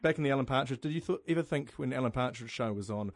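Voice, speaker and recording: A man interviewing a guest on radio, asking quick, laughing questions. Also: medium pitch, slight background noise. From New Zealand.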